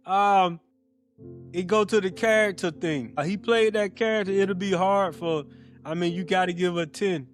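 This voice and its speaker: High-voiced man retelling movie scenes. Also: normal speed. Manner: animated retelling of scenes, repeats himself. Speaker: podcast co-host. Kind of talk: casual chat ranking movies. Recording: faint guitar music behind.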